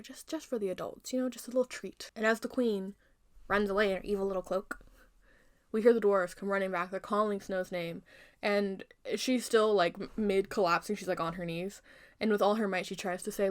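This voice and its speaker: A young woman casually retelling a fairy tale in her own version, animated and jokey, with plenty of asides. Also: mid-range voice, a little fast. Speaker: youtuber retelling a story.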